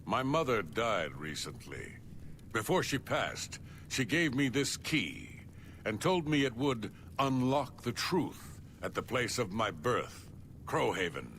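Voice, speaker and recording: A man's voice: mid-range voice, very animated, fairly bright tone, a little hiss or hum, full character voice. An earnest fighter seeking his birthright. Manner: measured, earnest storytelling.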